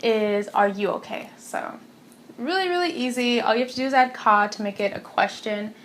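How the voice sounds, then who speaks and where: A young woman at home giving a casual phrase lesson, chatty and giggly, saying each phrase slowly and repeating it. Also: on the high side, expressive, a bit bright, slight background noise. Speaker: language teacher vlogger. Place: warm room at home.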